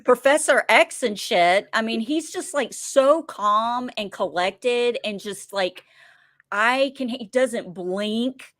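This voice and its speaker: Woman co-host, casual recap talk, slightly high voice, dry sound, lively retelling of scenes. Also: slow pace, no echo. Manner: animated, acts out characters' lines while retelling. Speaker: podcast co-host.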